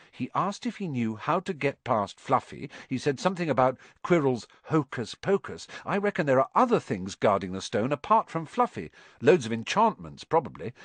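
A determined young schoolboy, played by a man in a storybook reading, breathless and urgent. His voice lifts a little above the narration with lively pitch. Close, dry sound. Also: dry recording.

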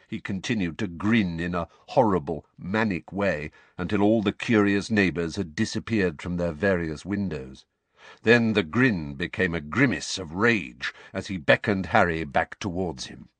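A man narrating an audiobook in an expressive storytelling manner with a husky voice. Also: deep voice, normal speed, no echo.

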